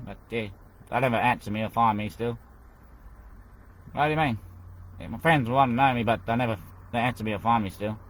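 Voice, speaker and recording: A man's voice: medium pitch, a little hiss or hum, low-quality recording. Rambling man talking to himself. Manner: rambling and repetitive, keeps saying "mate". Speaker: podcast host. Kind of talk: rambling solo monologue.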